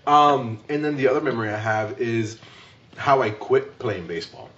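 A man's voice: medium pitch, normal speed, a little hiss or hum. Casual swearing man, dull lo-fi sound. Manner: swearing, animated storytelling. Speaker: podcast co-host. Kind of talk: casual chat. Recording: dull lo-fi recording.

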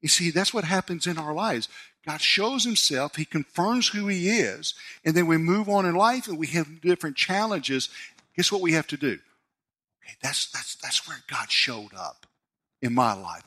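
A man, preaching a sermon as a pastor and telling a personal story with animated delivery. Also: husky. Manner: storytelling, animated, voice rising high when excited.

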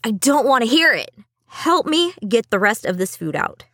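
Breathy, swooping, impatient scolding wife, as a man narrating puts her on; high and bossy. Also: big pitch swings, moderate pace, bright, forceful tone, no room sound, studio quality, heavily acted. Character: exasperated scolding wife, adult woman, bossy.

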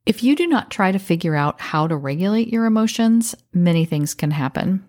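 Low-voiced woman podcast host, dry close sound. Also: brisk, no room sound. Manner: calm coaching tone, acting out example phrases. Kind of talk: podcast advice monologue.

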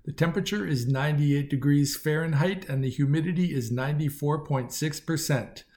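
A pleasant, polite computer voice, read by a male narrator reporting facts calmly and plainly. It sounds like an ordinary, fairly high male reading voice. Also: brisk, lightly acted. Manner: polite, informative. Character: pleasant synthetic habitat voice. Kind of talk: audiobook character voice.

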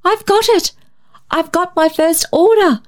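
A woman voicing a timid, hopeful young woman who speaks brightly and falters when nervous. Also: medium pitch, animated, a little slow, voice pushed up, lightly acted. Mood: elated.

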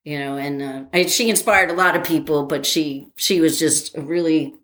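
An older woman recalls events in a relaxed interview, her voice sitting a little low for a woman. She tells it with animation, stops and starts with plenty of fillers, and laughs at her own story. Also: normal speed. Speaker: interviewee, former academy track athlete.

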